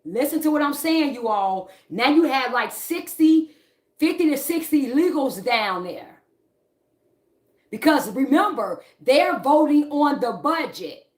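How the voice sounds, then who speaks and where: Heated woman ranting, roomy echo. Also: a little high. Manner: agitated, repetitive, addresses viewers as y'all. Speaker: online fitness and politics vlogger. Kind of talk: casual heated livestream rant.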